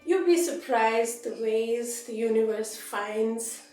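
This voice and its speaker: A woman talks to her viewers in an earnest, gently emotional way. Her voice sits a little high but sounds mellow and dark. The room rings with echo and she seems some distance from the mic. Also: slow pace, faint music behind. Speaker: yoga teacher and channel host. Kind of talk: spiritual talk to camera.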